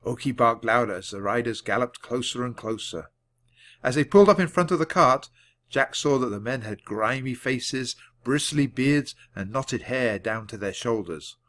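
A man reading a children's chapter book aloud with clear narration. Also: medium pitch, normal speed, a bit bright. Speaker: audiobook reader.

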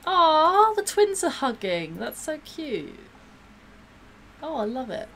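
A woman's voice: sits high, very animated, a bit bright. Bubbly woman streaming a game. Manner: bubbly, gushing, quick to gasp and laugh. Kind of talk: casual live-stream commentary while playing.

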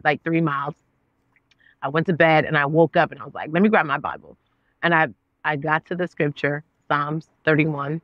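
A woman's voice: on the low side, no echo, lo-fi sound. A woman in her thirties, an actress and author, telling her story as an interview guest, acting out past conversations with God. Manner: expressive, acts out her own past dialogue with God. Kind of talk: animated storytelling.

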